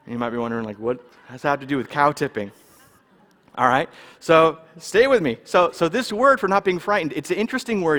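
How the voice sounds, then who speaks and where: A man from California, preaching a sermon in a casual, animated way and telling personal stories while checking in with his listeners. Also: fairly high pitch, a little fast, long reverb tail. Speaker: pastor.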